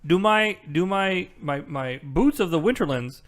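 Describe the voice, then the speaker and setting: A man's voice: high-pitched, animated, measured pace. A young man playing a tabletop game, chatting casually with rambling, stammering banter. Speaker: player.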